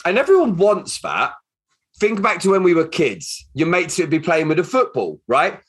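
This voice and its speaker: A man's voice: high voice, normal speed, slightly rough. A man hosting a podcast, chatting casually and acting out the people in his stories. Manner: animated storyteller, acts out quoted dialogue. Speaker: podcast host.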